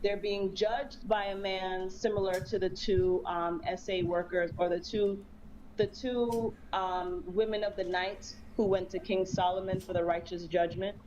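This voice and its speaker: A woman's voice: mid-range voice, measured pace, highs cut off, a little hiss or hum. A woman with a New York accent debating in a casual livestream, hesitant with many ums. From New York City. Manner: hesitant, full of ums, then animated. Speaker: debate panelist.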